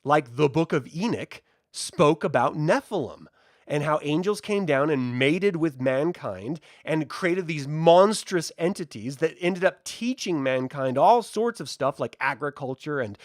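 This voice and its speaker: A man talks through a film review in a casual, joking way, his voice sitting a bit high and moving up and down a lot. The sound is dry and close, with no room echo. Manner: animated, joking, chatty. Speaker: host.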